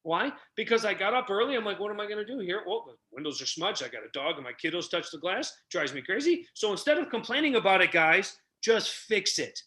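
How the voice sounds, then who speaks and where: A man's voice: fairly quick, hardly any pauses. A middle-aged man who tells stories with a lot of energy on a podcast and acts out the people he quotes. He works as a relationship coach. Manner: energetic, acts out quotes with big pitch jumps. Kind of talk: animated storytelling.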